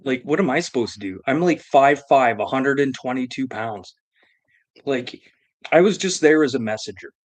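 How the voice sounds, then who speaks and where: A man's voice: mid-range voice, expressive, moderate pace. Crude, rambling storytelling man. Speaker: live-stream host. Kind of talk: profane comedic storytelling.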